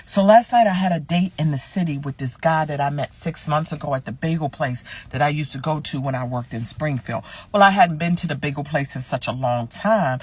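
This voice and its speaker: Husky low-voiced woman telling a story. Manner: blunt, sassy, swears freely. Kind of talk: casual storytelling to camera.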